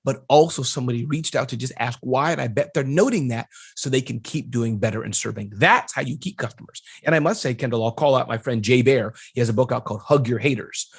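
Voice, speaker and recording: A middle-aged man, an entrepreneur guest, talking business advice in an energetic, emphatic way and ticking off numbered points. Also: medium pitch, quick pace, gravelly, hardly any pauses, slightly rough. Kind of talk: casual business interview.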